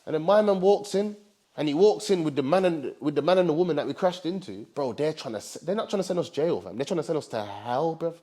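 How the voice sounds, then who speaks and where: A young man from England telling a story in a casual, animated way, full of slang like bro and fam. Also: a little high, quick pace.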